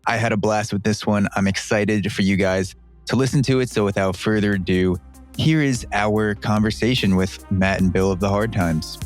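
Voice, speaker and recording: A man hosting a podcast, reading a measured intro and then chatting with guests. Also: fairly low pitch, fairly even intonation, faint music behind. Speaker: podcast host. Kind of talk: scripted podcast intro and casual interview.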